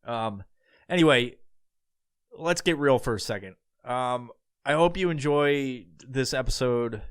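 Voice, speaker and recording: Brief: male solo podcaster, mid-pitched, dry close sound, rambling and profane. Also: a little slow, clear, resonant tone, no room sound. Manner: rambling and profane, with many fillers. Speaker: podcast host. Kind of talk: casual solo podcast monologue.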